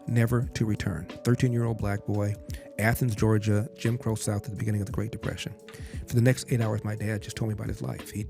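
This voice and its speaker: An older man with a lowish voice and vocal fry tells a family story as a guest on a podcast, quoting his father directly. Music plays beneath his voice.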